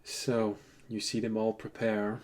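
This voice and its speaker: A man running a tabletop game as game master, relaxed and digressive, laughing often as he tells stories. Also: fairly low pitch, measured pace.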